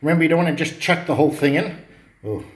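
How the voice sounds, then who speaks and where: Guy chatting through a cooking demo, bit high voice, echoey kitchen sound. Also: fast. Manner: chatty, joking. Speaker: cooking vlogger. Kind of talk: casual cooking demonstration.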